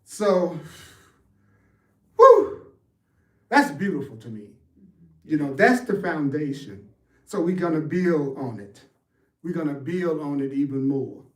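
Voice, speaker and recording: A man's voice: on the high side, expressive, measured pace, recorded from a distance. A man giving a spiritual teaching talk, emphatic and repetitive, calling out to his audience to answer back. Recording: echoey room, voice from off-mic.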